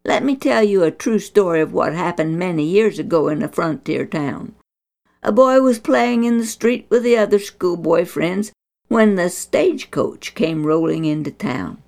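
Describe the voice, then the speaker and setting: A woman narrating a children's Bible story in a gentle, deliberate, instructive way. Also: fairly low pitch, animated, gravelly.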